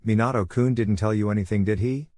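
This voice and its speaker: A man with a low voice reading the lines of a warm, hot-tempered young mother spirit in a fan-written audio story, barely changing his own voice. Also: steady tone, fast talker, dry recording, clean studio sound, lightly acted. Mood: gentle. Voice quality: soft-spoken, kind.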